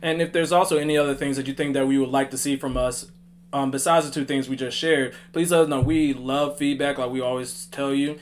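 A man's voice: mid-range voice, fairly even intonation, brisk. A man co-hosting a casual podcast. He banters playfully and keeps up an encouraging stream of agreement. A faint hum sits behind the voice. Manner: playful, supportive banter with frequent mm-hmms. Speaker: podcast co-host.

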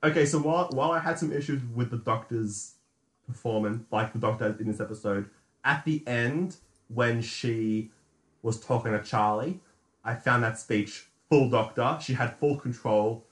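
A man's voice: mid-range voice, normal speed. A man co-hosting a casual podcast chat, speaking eagerly and repeating himself as he builds his point. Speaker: podcast co-host. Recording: roomy, echoey sound.

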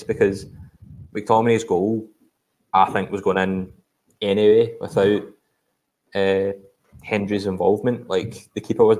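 A Scottish man with a low, darkish voice co-hosts a podcast. He chats casually about football, rambling and hesitant, with lots of fillers.

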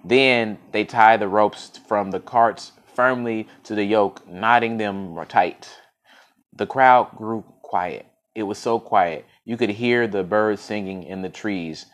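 Male storyteller with a lowish voice; casual read-aloud of a folk tale, some stumbles. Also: takes it slowly, fairly bright tone. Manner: unscripted-sounding reading with frequent restarts and fillers.

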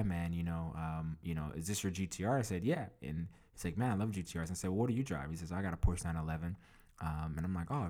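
Deep-voiced man telling a podcast story. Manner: chatty, animated, acts out quoted dialogue; many fillers and restarts. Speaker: podcast host. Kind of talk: casual storytelling advice.

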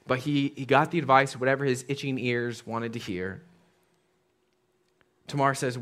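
A man's voice: medium pitch, lively intonation, normal speed, a bit bright. A man preaching a sermon as a pastor, conversational and casual with slang.

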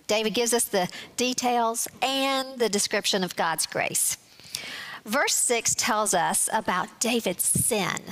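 A woman leads a Bible lesson, walking her listeners through a psalm verse by verse. She explains carefully and reads the scripture passages aloud at an even, unhurried pace, in a voice of middling pitch for a woman. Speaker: Bible teacher. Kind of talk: Bible teaching.

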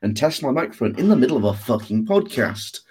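A man's voice: medium pitch, big pitch swings, brisk, a little mellow, breathy edge. A young man, a university student co-hosting a podcast over a patchy online call, rambling and cursing as he corrects himself mid-sentence. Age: young adult. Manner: sweary, rambling, self-correcting. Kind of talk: casual chat. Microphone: computer mic over a dropping internet call.

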